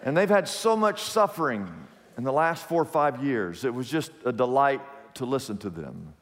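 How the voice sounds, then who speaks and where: A man preaching a sermon as a pastor, telling stories in an animated way and repeating his phrases. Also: mid-range voice, normal speed, big-room sound. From Kansas, USA.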